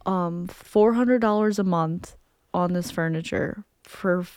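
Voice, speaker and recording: A woman's voice: lowish voice, unhurried, darkish tone, smooth. A young woman co-hosting a podcast, telling a story in casual chat and acting out what people said. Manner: chatty storyteller, acts out quotes. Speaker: podcast co-host.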